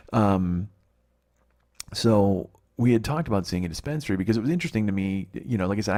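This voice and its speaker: A man's voice: deep voice, creaky, darkish tone. A man in his late forties telling a story alone as a podcast host, profane and worked up, with sarcastic asides, recorded in a basement. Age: 40s. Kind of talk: solo storytelling rant. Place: basement, speaking quietly so as not to wake others.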